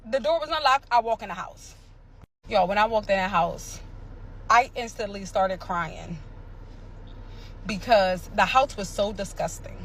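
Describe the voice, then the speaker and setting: A woman from the area, telling a dramatic personal story in a casual, animated way. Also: mid-range voice, a little hiss or hum. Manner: animated, dramatic retelling with sound effects and quoted voices.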